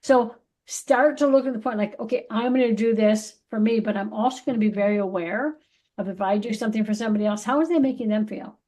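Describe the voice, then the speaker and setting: Speaking quickly in a mellow voice on the high side, this middle-aged woman co-hosts a podcast. She gives an emphatic, casual spiritual pep talk, swearing freely and performing the voices of others.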